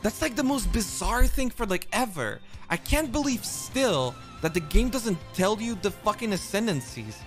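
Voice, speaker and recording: A man's voice: high voice, animated, moderate pace, hardly any pauses, soft background music. A man streaming a game, complaining in disbelief about its design, swearing casually. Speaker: gaming streamer.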